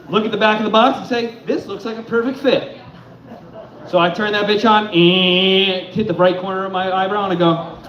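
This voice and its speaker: A young man from Connecticut performing a crude, profane stand-up set on a club stage. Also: high-pitched. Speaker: stand-up comic. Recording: echoey club room, dull sound.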